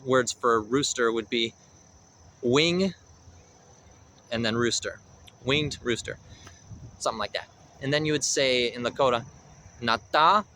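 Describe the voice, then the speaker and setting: A man giving a language lesson outdoors, explaining a symbol and then slowly sounding out each word of a phrase. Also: mid-range voice, pushed and bright, slight background noise, low-quality recording. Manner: slow, careful sounding-out of words. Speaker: language teacher. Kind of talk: pronunciation lesson.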